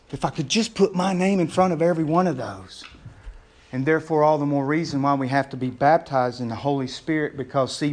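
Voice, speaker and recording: A man, a pastor preaching a sermon in a conversational way, calling the congregation "gang" and getting loud and excited as he acts out scenes. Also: on the high side.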